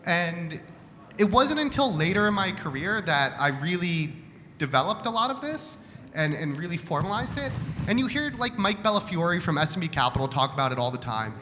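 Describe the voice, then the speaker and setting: A man's voice: sits high, big pitch swings, normal speed, sharp tone. A man answering audience questions at a live event, speaking candidly and conversationally, often restarting his words. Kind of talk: live Q&A talk. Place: event hall. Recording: hall reverb with faint room noise.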